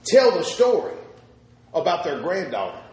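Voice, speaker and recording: A man preaching a sermon, telling a story with pauses and repeated words, swinging from loud to soft. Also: fairly high pitch, wildly swooping pitch, heavy reverb, low-quality recording.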